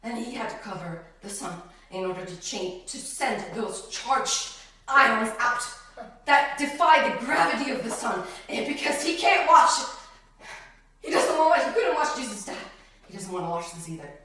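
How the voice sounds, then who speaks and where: Bright, lively preaching woman. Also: fairly high pitch, measured pace. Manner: emphatic, laughs often, swings between loud and hushed. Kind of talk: preaching religious talk. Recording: roomy, far from the mic.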